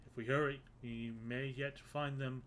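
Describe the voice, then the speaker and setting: A man's voice: medium pitch, level tone, normal speed, noisy background, natural voice. A man reading the lines of a stern male elder warrior in solemn, urgent game dialogue. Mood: grave urgent. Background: loud game music.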